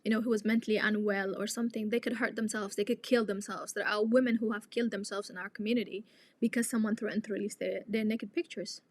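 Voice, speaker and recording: A woman's voice: mid-range voice, steady tone, quick pace, dry recording. A young woman, a native Tigrinya speaker, hosting a live chat and talking to her viewers in an outspoken, indignant way. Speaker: live stream host.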